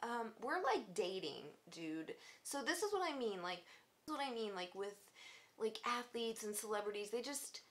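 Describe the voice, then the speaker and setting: A woman's voice: a little high, lively intonation, moderate pace, fairly bright tone. A woman in her twenties telling a story in a casual vlog, blunt and sarcastic, swearing freely. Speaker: vlogger.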